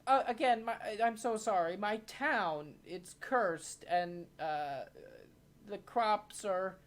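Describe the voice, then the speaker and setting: A woman's voice: medium pitch, slow pace, pitched above the performer's own voice, lightly acted. A woman voicing a polite, hesitant young male villager who apologizes and stumbles. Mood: apologetic.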